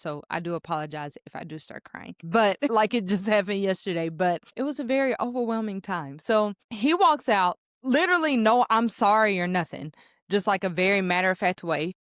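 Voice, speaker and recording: A woman's voice: mid-range voice, fairly bright tone, dry recording, studio quality. A young woman, hosting a podcast and candidly telling her own story with emotion. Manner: candid, emotional, addresses listeners as y'all. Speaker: podcast host. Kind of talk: personal storytelling.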